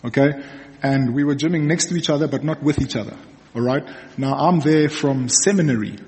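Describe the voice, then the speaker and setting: Here a young man preaches in a chatty storytelling style, frequently checking on his listeners with "okay" and starting sentences over. His voice is medium in pitch and darkish, delivered at a fairly quick clip, with long reverb from the big hall around him.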